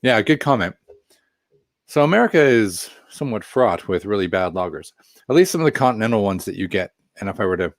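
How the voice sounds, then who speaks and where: A man's voice: deep voice, no echo, studio quality. A man casually reviewing a craft beer on a live stream, chatting in a rambling way with self-deprecating asides while reading viewer comments.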